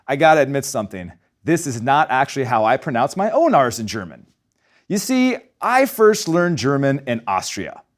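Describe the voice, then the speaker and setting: A man teaching German pronunciation in a scripted lesson, talking in a lively way and slowing down to model each sound. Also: a little high.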